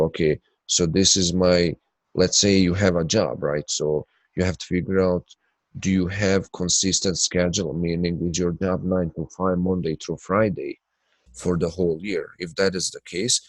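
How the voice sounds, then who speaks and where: A man's voice: deep voice, dry recording. A man hosting a live trading webinar, talking loosely with many fillers and sounding nasal from blocked sinuses. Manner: loose, filler-heavy talk, answering viewers by name. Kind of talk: live webinar chat and chart analysis.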